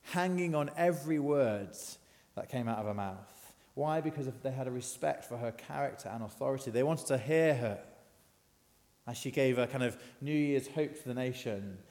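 A man's voice: mid-range voice, normal speed, darkish tone, big-room sound. A man giving a conversational sermon, asking the congregation questions as he goes. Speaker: preacher. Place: church.

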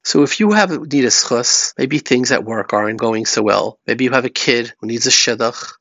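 A man's voice: mid-range voice, normal speed, fairly bright tone, no room sound. A man giving a Torah talk, telling stories and weaving in Yiddish and Hebrew terms. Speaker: rabbi. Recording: dry, slightly muffled recording.

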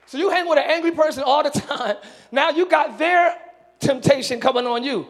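A man pastor preaching a sermon in a church, swinging between hushed asides and shouted, animated exhortation. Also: extremely high pitch, moderate pace. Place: church sanctuary.

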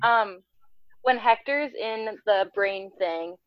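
A woman's voice: mid-range voice, slow pace, dry recording. A young adult woman co-hosting a casual chat, giggly and full of "like", often posing questions. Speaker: podcast co-host. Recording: dull muffled mic.

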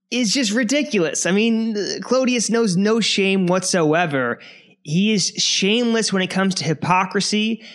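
Male podcast host, casual history narration, amused and animated, slightly higher voice. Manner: animated, laughs often, amused storytelling.

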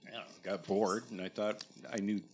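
A man's voice: on the low side, steady tone, a little fast, slight background noise. A man as a guest, giving short, laid-back answers in casual chat.

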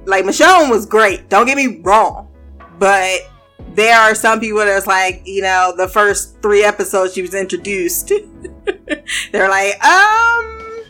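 A woman reviewing a TV episode in casual reaction commentary, animated and laughing often between playful asides. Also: medium pitch.

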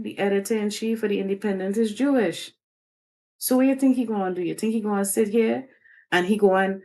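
A woman hosting a livestream, giving fiery, preachy commentary and swinging her pitch up and down as she speaks. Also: darkish tone. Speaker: host.

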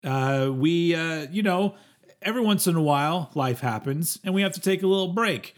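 A man in his forties co-hosting a casual podcast, talking in a rambling, halting way with plenty of fillers and swearing. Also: fairly high pitch. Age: 40s. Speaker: podcast co-host. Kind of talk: casual chat.

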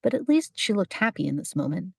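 A woman reads a story aloud in an even, unhurried manner. Her voice sits low with a husky, gravelly texture. The sound is close and dry. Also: dry recording. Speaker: narrator. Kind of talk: audiobook narration.

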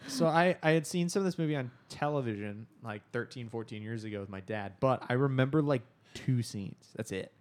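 A man's voice: mid-range voice, fairly quick, hardly any pauses. A man co-hosting a casual movie podcast, rambling and laughing often. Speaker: podcast co-host. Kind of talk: casual chat.

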